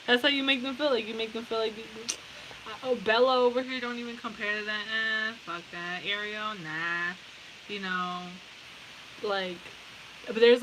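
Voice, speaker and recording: In a low-quality recording with a steady hiss underneath, a woman with a slightly high voice gives a casual pick-a-card tarot reading. She's blunt, swears freely, and keeps breaking into laughter.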